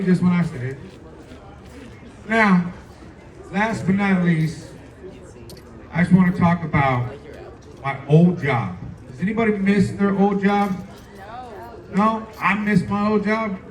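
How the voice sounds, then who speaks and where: High-voiced comic, playful. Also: male voice. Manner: loose, playful, talks to the crowd. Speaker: stand-up comedian. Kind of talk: stand-up comedy set. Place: comedy club stage. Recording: roomy club, distant mic, faint crowd.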